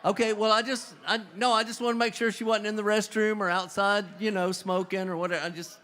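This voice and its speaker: A man's voice: sits high, level tone, fairly quick, a bit bright. A man, rambling folksy banter between songs at a live music bar, into a stage microphone. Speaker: bandleader and singer. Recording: live band playing behind. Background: guitar music.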